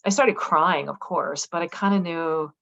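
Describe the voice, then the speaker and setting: A middle-aged woman, a guest author, telling a personal story in a casual interview. She talks in a lively way, acts out quoted dialogue and says "like" a lot. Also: fairly low pitch, unhurried, creaky, dull audio. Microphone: video call.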